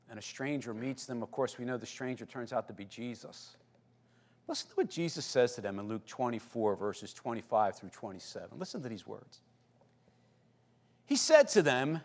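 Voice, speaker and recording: A man's voice: mid-range voice, animated, moderate pace. A man preaching a sermon, reading scripture and praying with earnest, rising intensity. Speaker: pastor.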